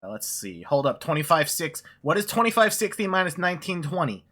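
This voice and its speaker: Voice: medium pitch, sing-song, brisk, fairly bright tone. A streamer chatting casually during a video game stream, rambling and swearing, often laughing. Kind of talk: casual gaming stream chat.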